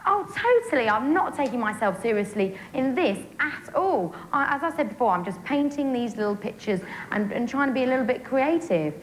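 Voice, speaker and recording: A woman's voice: a little high, lively intonation, a little fast, few pauses, slight background noise, low-quality recording. Chatty English woman answering the press. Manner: chatty, earnest, many "you know"s. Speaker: pop singer at a press conference. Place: press conference room.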